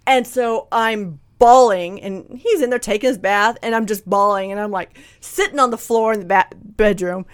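A woman telling a personal story in a candid, blunt, animated way, acting out what people said. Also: mid-range voice, normal speed, few pauses, clean tone, no room sound, studio quality. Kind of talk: casual storytelling chat.

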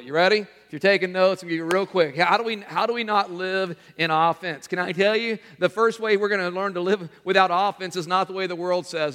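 Middle-aged pastor guy, high voice, animated sermon, lots of church reverb. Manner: animated, mimics congregants in quoted voices.

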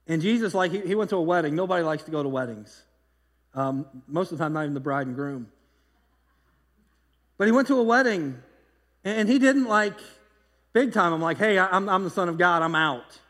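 Animated preacher in a reverberant hall. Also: male voice, fairly high pitch, brisk, long pauses. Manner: conversational, animated storytelling with repeated restarts. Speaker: pastor. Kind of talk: sermon.

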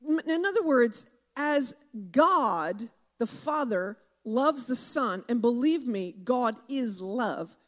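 A woman with a high voice delivers a sermon. She preaches fervently and slows down to drive key words home. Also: expressive.

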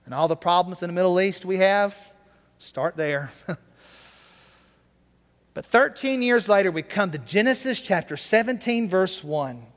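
Brief: earnest male preacher, fairly high voice, storytelling sermon. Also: animated, measured pace, pauses often, big-room sound.

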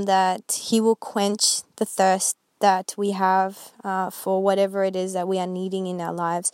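A woman's voice: medium pitch, a little mellow, clear, resonant tone, no room sound. A woman vlogger talking earnestly and rambling a little as she shares a Christian reflection, with many fillers. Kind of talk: casual faith reflection.

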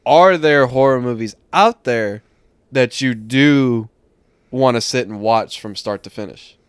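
A man's voice: mid-range voice, unhurried, smooth, dry recording. Young texas guy chatting on a podcast, storytelling, curses a lot, dry close sound. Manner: storytelling, animated, swears freely. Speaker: podcast host. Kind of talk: casual chat.

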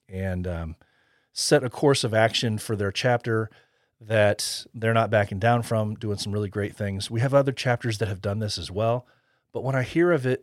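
A man's voice: lowish voice, no echo, studio quality. A man hosting a podcast, chatting casually and rambling, with frequent laughs. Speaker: podcast host.

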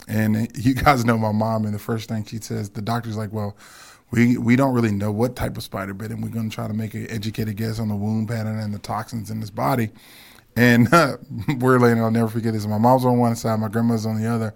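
A man's voice: lowish voice, creaky. A man, a football coach and guest, telling stories in a casual podcast chat and laughing as he talks. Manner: storytelling, laughs while talking.

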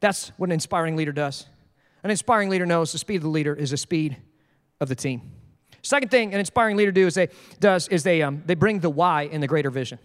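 A male pastor preaching a sermon in an animated, jokey way. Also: fairly high pitch, quick pace, in a large hall. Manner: animated, jokey, acts out quoted voices.

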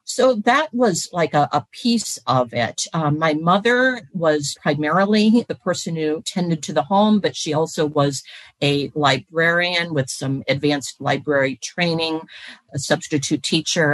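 A woman in her sixties from central Wisconsin speaks as a guest on an interview podcast. She answers in a thoughtful, measured way, with pauses and small restarts. Her voice is close to the mic in a dry room with no echo. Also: deep voice. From central Wisconsin, USA. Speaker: guest, historian and Lutheran pastor.

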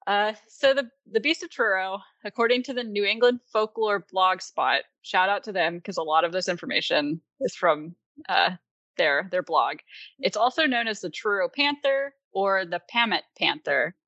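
Bright, chatty woman podcast host. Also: mid-range voice, moderate pace, dry recording, muffled recording. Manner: chatty, filler-heavy, laughs often. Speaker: podcast co-host presenting research. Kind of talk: casual chat.

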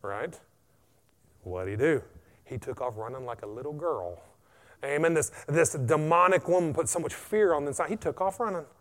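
A man preaching a sermon, animated and punctuated with frequent amens. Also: fairly high pitch, normal speed. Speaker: pastor.

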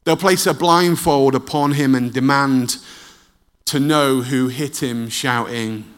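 Slow, dramatic male preacher. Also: clean tone. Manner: dramatic storytelling, dropping low and soft at tense moments. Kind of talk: sermon.

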